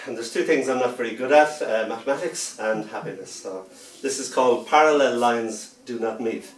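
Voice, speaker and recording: A man giving a poetry reading to a festival audience, playful and theatrical, stretching out words and pausing for effect. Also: mid-range voice. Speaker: poet. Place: festival venue indoors. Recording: echoey room, mic far off.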